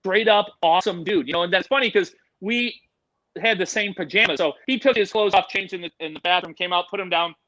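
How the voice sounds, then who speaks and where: Bright-voiced, animated storytelling man. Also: high voice, brisk, dry recording, rough recording. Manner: animated, profane, acts out quotes. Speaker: animal handler guest. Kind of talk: casual anecdote telling.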